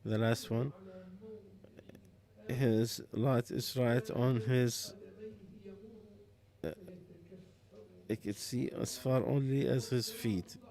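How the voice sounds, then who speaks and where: Slow, halting man giving Quran commentary. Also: medium pitch, fairly even intonation, gravelly, darkish tone. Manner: slow, halting, with pauses and restarts. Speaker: Quran interpreter. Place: mosque.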